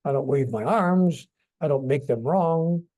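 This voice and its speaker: An older man speaks softly and gently in an interview, taking his time over each thought. His voice is mellow and warm, sitting a little high for a man. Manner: gentle, soft-spoken, unhurried. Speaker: guest author. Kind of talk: interview conversation.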